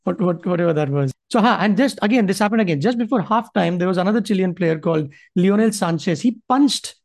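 High-voiced Maharashtrian man chatting. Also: expressive, quick pace. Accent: Indian English, Maharashtrian. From Maharashtra, India. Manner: chatty, switches into Hindi. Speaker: podcast co-host. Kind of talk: casual chat.

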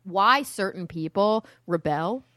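A woman from Texas, a science guest on a podcast, talking in an outspoken, animated, rambling way. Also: mid-range voice, slow pace, dry recording. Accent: none, no Southern accent. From Texas, USA. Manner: outspoken, animated, talks in long rambling stretches. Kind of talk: casual podcast interview.

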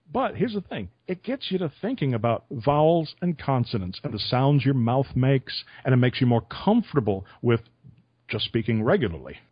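A man's voice: medium pitch, sing-song, a little slow, breathy edge, dry recording. Chuckling radio man, dry dull sound. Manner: storytelling with chuckles. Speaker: radio interviewer. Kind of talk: conversational podcast interview.

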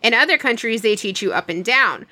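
A woman's voice: on the high side, a little fast, no room sound. A young woman casually telling a long work story, acting out the dialogue as she goes. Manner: animated retelling with quoted dialogue.

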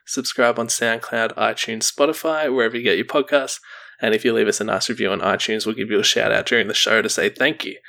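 Young aussie guy hosting a chatty podcast, gravelly fry in his voice. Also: on the low side, steady tone, quick pace, sharp tone. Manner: reads out plugs and reviews, laughs often. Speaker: podcast co-host. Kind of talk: casual podcast chat.

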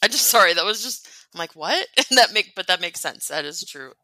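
A young adult woman co-hosting a casual podcast chat about church talks. She laughs often and thinks out loud. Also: on the low side, animated, fairly quick, dry recording, rough recording. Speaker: podcast co-host.

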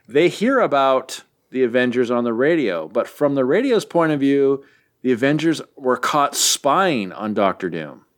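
A man's voice: mid-range voice, big pitch swings, a little slow. A man hosting a podcast, casually recapping a comic book issue with jokes and lots of fillers. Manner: joking, rambling, many fillers.

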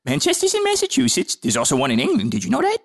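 A man's voice: very high-pitched, wildly swooping pitch, rapid-fire, creaky, exaggerated voice. A man voicing a clueless, goofy male podcast regular in a comedy podcast, with a silly delivery. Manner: wildly swooping, silly delivery.

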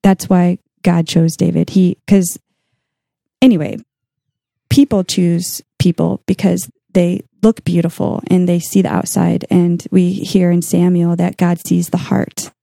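A woman in casual faith talk, warm and dark in tone with a gravelly edge. She chats earnestly and works through her study notes. The sound is close and dry. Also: fairly low pitch, flat delivery, measured pace, no room sound. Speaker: podcast co-host.

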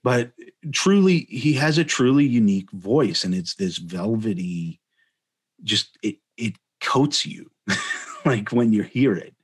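A man's voice: lowish voice, lively intonation, takes it slowly, husky. A man from Chicago hosting a casual podcast chat, rambling with many restarts. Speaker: podcast host.

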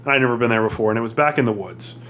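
A man's voice: racing, fairly bright tone, slight background noise. A man hosting a podcast, reading a sponsor spot and chatting in an easygoing way, chuckling along. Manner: easygoing, chuckling, friendly pitchman. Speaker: podcast host. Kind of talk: casual podcast chat with ad read.

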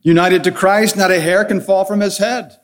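A pastor delivering a solemn, measured sermon, leaning on deliberate repetition for emphasis. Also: male voice, sits high, fairly even intonation.

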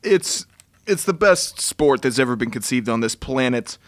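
A man co-hosting a sports talk podcast, relaxed and laughing easily. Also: medium pitch, moderate pace, no room sound. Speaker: podcast co-host.

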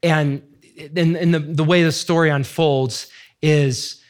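A man's voice: fairly high pitch, fairly even intonation, takes it slowly, clear, resonant tone. A middle-aged man giving a heartfelt teaching talk in an earnest, searching, emotional way. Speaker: faith teacher sharing testimony.

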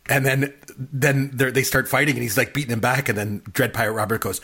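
Man, husky voice, casual chat, animated, acts out quotes. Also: mid-range voice, a little fast. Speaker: podcast co-host. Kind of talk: casual chat about a film.

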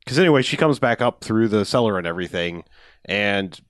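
A man's voice: lowish voice, lively intonation, fairly quick, no room sound, clean studio sound. Rambling man full of fillers. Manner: rambling, many fillers, corrects himself. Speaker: podcast co-host. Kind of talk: casual film recap chat.

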